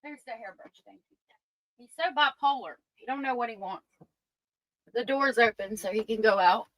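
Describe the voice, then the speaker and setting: A woman rants angrily at her viewers, swearing freely in a heated commentary style. Her voice sits a little high. She is close on her microphone in a dry, dead room. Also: moderate pace, fairly bright tone, no room sound. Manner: angry, profane, ranting at viewers. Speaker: commentary channel host. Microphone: close desk microphone.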